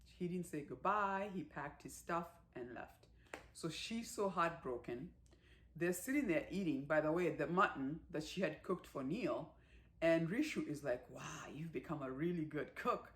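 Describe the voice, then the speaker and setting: A woman giving a casual movie recap, chatty and animated, with lots of fillers and acted-out quotes. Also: low voice, measured pace. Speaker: movie reviewer.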